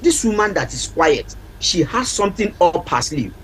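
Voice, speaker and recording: A man's voice: high-pitched, very animated, normal speed, husky, rough recording. A man, a parenting counselor and guest on a TV talk show, speaking earnestly and repeating his key points for emphasis. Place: TV studio.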